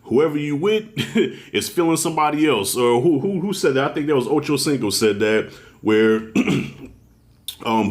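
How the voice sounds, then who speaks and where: A middle-aged man giving a casual video review of a TV show, telling stories in a loose, profane, animated way. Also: medium pitch. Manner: animated, profane storytelling with acted-out quotes.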